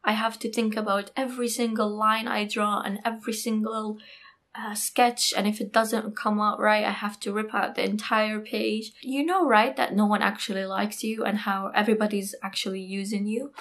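A woman's voice: medium pitch, little pitch movement, normal speed, fairly bright tone, natural voice. A woman acting out an angry young female classmate who rants and accuses her. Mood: accusing. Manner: hostile, accusing rant.

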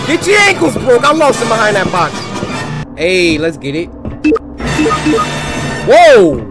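Hyped high-voiced man gaming. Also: big pitch swings, takes it slowly. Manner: hyped, trash-talking, shouting catchphrases. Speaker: gaming YouTuber. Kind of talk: let's-play horror game commentary. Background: game music and sound effects.

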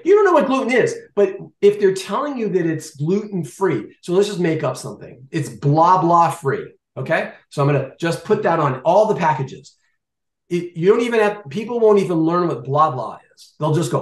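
A man in his fifties talks about food choices in a lively, animated way, slipping into mock voices as he plays out what shoppers think. His voice sits a little high for a man. The recording carries a noticeable room echo. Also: moderate pace. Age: 50s. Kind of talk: casual chat.

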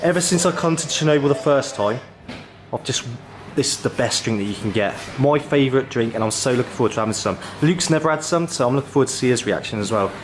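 A man talks straight to his camera while exploring outdoors, chatty and quick to joke. His voice swings widely up and down as he gets excited, in a loose, casual vlog style. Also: mid-range voice, over music. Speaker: vlogger exploring abandoned places. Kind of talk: casual travel vlog narration. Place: outdoors in an abandoned zone.

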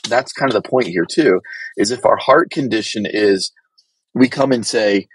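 Blunt low-voiced man preaching. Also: moderate pace, a little hiss or hum. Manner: blunt, direct and exhorting. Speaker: pastor. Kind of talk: sermon teaching.

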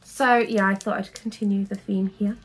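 A woman's voice: mid-range voice, steady tone, moderate pace, noisy background. A young woman in a casual haul vlog, talking in a chatty, rambling way full of fillers. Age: young adult. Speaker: vlogger.

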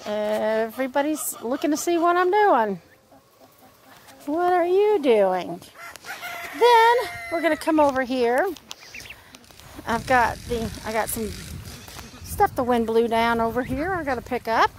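A woman's voice: high voice, very animated, unhurried, pauses often, a little hiss or hum. A woman giving a casual walk-and-talk tour of her homestead, chatting to her animals. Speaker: homesteading vlogger. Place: outdoors on a homestead with poultry.

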